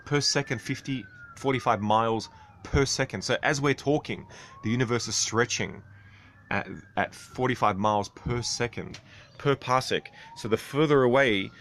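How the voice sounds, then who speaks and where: A man's voice: mid-range voice, a bit bright. A man streaming, talking casually about astronomy while reading chat, with a rambling, chatty manner. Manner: rambling, chatty, laughs often.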